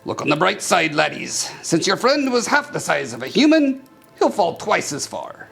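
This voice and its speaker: A man voicing a gruff, affable male dwarf in a put-on Scottish accent, hearty and teasing, for a storybook-style reading. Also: sits high, big pitch swings, normal speed, fairly bright tone, faint music behind, exaggerated voice. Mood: jovial.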